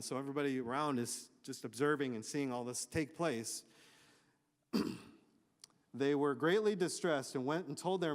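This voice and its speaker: A male pastor with a fairly high voice gives a loose, conversational sermon, slipping joking asides between scripture readings. His voice rings with a long reverb through a church hall.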